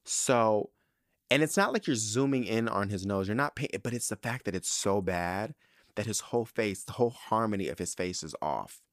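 Sassy, animated man on a podcast. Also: lowish voice, moderate pace, dry recording, studio quality. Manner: sassy, animated storytelling with emphatic repetition. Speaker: podcast host. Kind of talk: casual podcast monologue.

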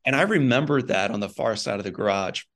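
A man from Missouri, a guest and author, telling his own story in an earnest, animated way and often saying "man". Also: medium pitch, fast talker. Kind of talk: conversational storytelling.

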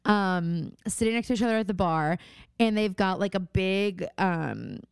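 A woman's voice: mid-range voice, unhurried, creaky, clear, resonant tone, no room sound, studio quality. A woman co-hosting a podcast, telling a family story in casual chat, full of "like" and "um". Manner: animated storytelling, lots of "like" and "um". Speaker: podcast co-host.

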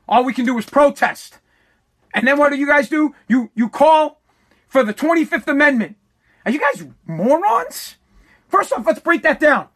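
A fired-up woman ranting about politics, swearing freely and dripping with sarcasm. Her delivery is heated, and she stumbles over repeated words as her anger builds. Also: sits high. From United States. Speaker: political commentator. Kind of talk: angry political rant.

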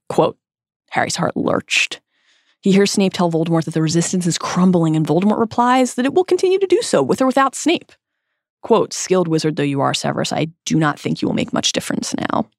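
A woman co-hosting a podcast, reading a scripted essay earnestly and dramatically, with slow, emphatic stresses. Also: low-pitched, darkish tone, no echo, clean studio sound. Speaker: podcast co-host.

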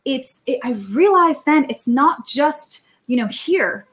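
Brief: high-pitched woman guest, animated storyteller, quick restarts. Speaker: podcast guest. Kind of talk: casual chat, storytelling.

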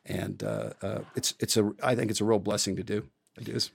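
A man's voice: lowish voice, very animated, brisk, gravelly, husky. A man guesting on a podcast, talking about his past and his teaching in a rambling, enthusiastic way with many restarts, joining remotely. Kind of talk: casual interview chat. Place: remote, not in the same room as the hosts.

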